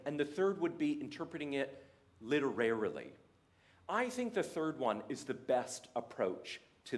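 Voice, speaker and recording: A young Canadian man with a Canadian accent, giving a humorous, animated talk at a church faith day. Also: mid-range voice. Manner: animated, jokey, mimics other voices. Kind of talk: sermon-style talk with humour.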